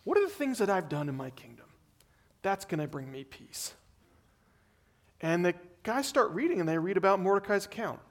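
A man's voice: high-pitched, sing-song, moderate pace, long pauses. A male pastor preaching a sermon, retelling a story in a conversational way and acting out the characters' voices.

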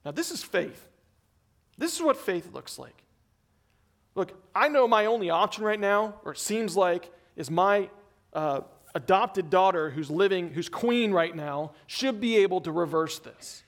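A man's voice: high-pitched, lively intonation, unhurried, pauses often, a bit bright. A male pastor preaching a sermon, retelling a story in a conversational way and acting out the characters' voices.

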